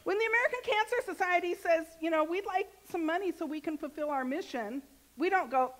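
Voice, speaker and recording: A woman's voice: very high-pitched, fairly quick, a bit bright, low-quality recording. A woman minister giving a sermon in a church, joking and asking her congregation questions in a conversational way. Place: church sanctuary.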